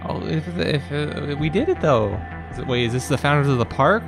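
A man's voice: fairly high pitch, expressive, brisk, gravelly, music in the background. A man playing a tabletop role-playing game, talking in a loose, jokey, rambling way and often trailing off mid-sentence. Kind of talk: casual tabletop role-play chat.

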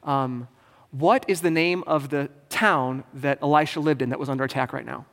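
Joking pastor in a reverberant church. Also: male voice, medium pitch, moderate pace, a bit bright. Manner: casual, joking, conversational preaching. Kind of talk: sermon. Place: church sanctuary. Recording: long hall reverb.

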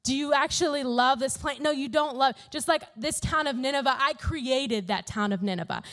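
A woman's voice: high-pitched, moderate pace, a bit bright. A woman voicing God as a stern, loving male deity who scolds emphatically. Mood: insistent. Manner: emphatic, rising to insistence.

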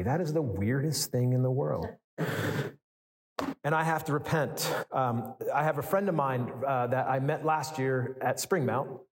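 A man preaching a sermon, telling a story in a conversational, animated way with many fillers and restarts. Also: mid-range voice, long reverb tail. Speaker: pastor.

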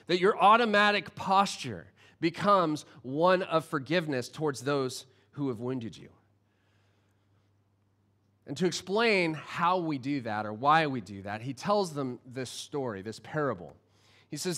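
A man's voice: a little high, expressive, measured pace, sharp tone. A man preaching a sermon in a conversational, humorous way, often restarting his sentences. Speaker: pastor.

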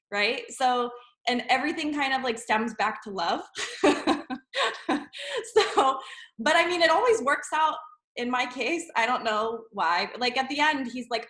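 A woman guest on a podcast, a mother talking in an earnest, chatty way with laughter breaking in. Her voice sits fairly high. An echoey room surrounds the recording. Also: a little slow, a bit bright. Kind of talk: casual podcast chat.

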